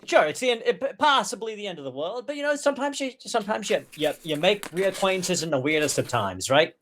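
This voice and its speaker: A man's voice: sits high, animated, brisk, a bit bright, slight background noise. A man playing an awkward, smitten grown man at a school reunion, rambling and tripping over his words. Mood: flustered. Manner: stammering, rambling, restarts a lot.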